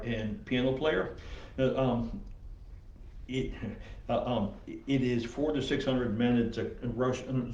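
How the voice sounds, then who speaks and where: A man's voice: mid-range voice, a little mellow, roomy sound, distant mic, dull audio. A man preaching a casual sermon as pastor, with many fillers and quotes he acts out. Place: church sanctuary.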